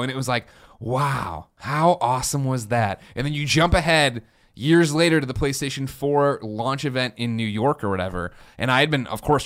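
A man in his thirties co-hosting a podcast, telling stories in an excitable, rambling way with lots of swearing and restarts. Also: on the low side. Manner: fast, excitable storytelling with frequent swearing and restarts. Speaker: podcast co-host. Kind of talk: casual chat.

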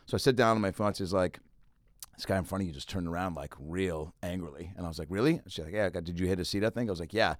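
Man, fast animated storyteller, dry close sound. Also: sits low, no room sound. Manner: animated storyteller, acts out people. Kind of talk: casual storytelling chat.

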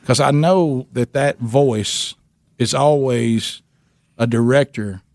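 A radio host, telling a rambling story at a mid pitch. He laughs at himself and stumbles over his words. The studio sound is dry and close. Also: takes it slowly, a little mellow, dry recording.

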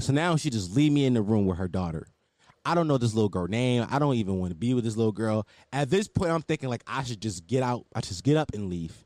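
A man's voice: medium pitch, dry recording, studio quality. A man telling a rambling, profane personal story in a casual way.

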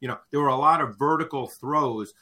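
A man's voice: medium pitch, a little fast, bright, forceful tone. A man who analyzes football in a casual talk, thoughtful, often repeating words as he starts a sentence.

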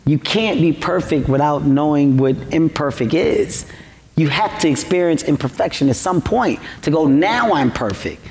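A man's voice: fairly high pitch, lively intonation, normal speed, a little mellow. A man speaking earnestly, urging listeners to define success for themselves. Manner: earnest, advising. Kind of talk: motivational talk. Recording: reverberant room, faint noise.

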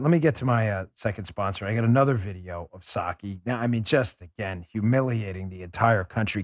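A man hosting a political commentary show, ranting with heated scorn and dropping at times to a low, quieter mutter. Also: dry recording, clean studio sound. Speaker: host.

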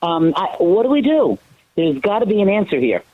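A woman caller on a radio show, gushing and urgent, her voice swinging lively up and down. She comes through a thin, tinny phone line. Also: medium pitch, normal speed, no echo. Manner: effusive, excited, urgent. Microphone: telephone.

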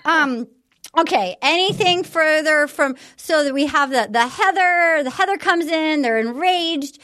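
A woman hosting a podcast in casual chat, animated and quick to act out what others said. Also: sits high. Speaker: podcast host.

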